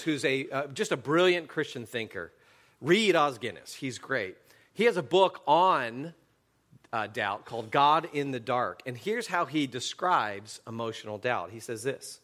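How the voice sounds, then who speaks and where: A middle-aged pastor with a mid-range voice preaches a sermon, telling stories and swinging animatedly between loud and hushed delivery.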